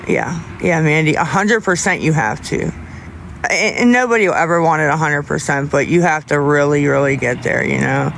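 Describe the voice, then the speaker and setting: A young man livestreaming, chatting casually with viewers in a rambling, halting way with many restarts. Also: a little high, gravelly, a bit bright, a little hiss or hum.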